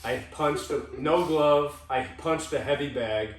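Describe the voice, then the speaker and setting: A man's voice: a little high, a little slow. Brief: young man, casual storyteller, self-interrupting and profane, distant mic, roomy echo. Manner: rambling, self-interrupting, swearing freely. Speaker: podcast co-host.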